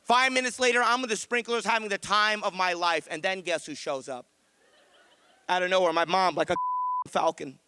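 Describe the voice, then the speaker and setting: A man's voice: high-pitched, moderate pace, a little hiss or hum. A man doing a stand-up comedy set, telling stories animatedly and acting out his parents. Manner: animated storytelling, acting out his mom and dad.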